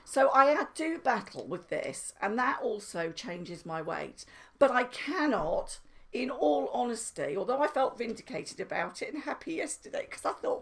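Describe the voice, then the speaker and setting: A woman's voice: a little high, very animated, a little slow, gravelly. A middle-aged woman vlogging in casual chat to camera, chatty and self-mocking, laughing at herself often.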